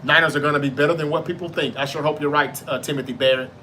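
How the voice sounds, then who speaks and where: A man's voice: on the high side, fairly even intonation, racing, bright, forceful tone, slight background noise. A man from North Mississippi with a Southern Mississippi accent, hosting a casual live sports podcast, reading chat comments aloud and answering them in a loose, chatty way. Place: home in Memphis, Tennessee.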